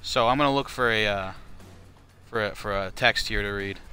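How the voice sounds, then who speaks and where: A man's voice: fairly low pitch, normal speed, pushed and bright, faint music behind. A man from Canada hosting a charity livestream who talks in a crude, joking, rambling way. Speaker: livestream fundraiser host. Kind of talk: casual livestream chat.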